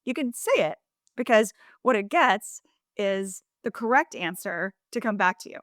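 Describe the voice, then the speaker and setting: A woman's voice: medium pitch, moderate pace, dry recording, studio quality. A woman co-hosting a podcast in casual chat, talking at length with restarts and acting out quoted phrases. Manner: animated, acts out quoted phrases in shifting voices; talkative, frequent restarts and asides. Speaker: podcast co-host.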